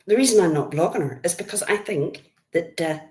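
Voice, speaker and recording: A woman's voice: on the low side, animated, a little fast, warm tone. An older Irish woman hosting a live stream, chatting bluntly with her viewers and greeting them by name. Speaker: livestream host. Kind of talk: casual live-stream chat.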